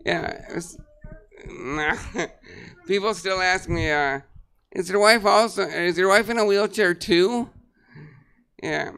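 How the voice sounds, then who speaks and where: A man hosting a comedy show, doing a short stand-up bit with a halting, filler-heavy delivery before bringing up the first comic. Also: high-pitched, pushed and bright, smooth. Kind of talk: stand-up emcee set. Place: comedy theater stage, live audience.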